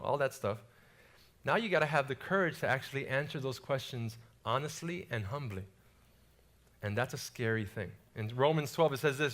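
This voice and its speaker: A man's voice: mid-range voice, lively intonation, moderate pace, a bit bright. A young adult man from South Florida preaching a casual sermon built on personal stories, with lots of energy and repeated words.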